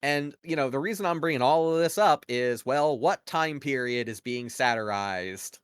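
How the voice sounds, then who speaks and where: Bright, smooth and expressive, this mid-range voice speaks at a normal speed in a clean, dry studio recording. The podcast co-host offers casual analysis, arguing his views at length with frequent "like" and "you know" fillers.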